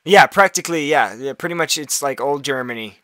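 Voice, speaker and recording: A man's voice: medium pitch, animated, brisk, a bit bright, dry recording, clean studio sound. A man casually commentating a multiplayer game, rambling and laughing often. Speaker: gaming video host.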